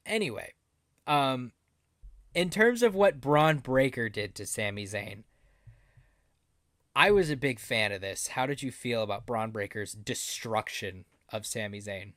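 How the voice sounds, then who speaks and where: Animated male podcast co-host, dry sound. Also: medium pitch, a little slow, dry recording. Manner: animated, laughs often. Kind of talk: casual chat.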